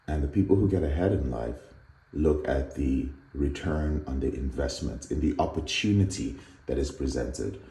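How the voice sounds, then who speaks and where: A man with a deep, very dark and mellow voice gives an earnest motivational talk, animated and storytelling. His voice rings around an echoey room. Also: moderate pace. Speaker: recovery coach.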